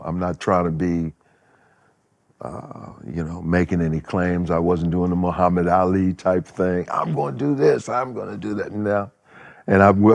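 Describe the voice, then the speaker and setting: Very deep-voiced older man telling stories. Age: 70s. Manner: animated storyteller who acts out quotes and laughs. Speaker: guest. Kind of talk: casual interview storytelling.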